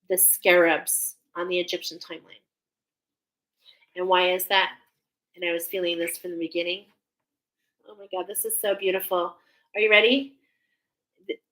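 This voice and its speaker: A woman reads cards live for her viewers and describes the images she sees in vivid, heartfelt terms. Her voice is bright and forward, and her delivery is emotional and effusive. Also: on the low side, rough recording. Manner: emotional, gushing, speaks in images. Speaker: intuitive card reader. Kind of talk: live spiritual card reading. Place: live stream at home.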